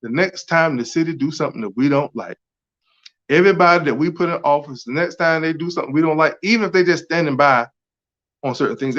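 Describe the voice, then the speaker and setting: A man's voice: medium pitch, a bit bright. A man, speaking as a community organizer in an impassioned, emphatic casual talk, often checking in with "right?". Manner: emphatic, repetitive, keeps asking "right?". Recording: dull lo-fi audio.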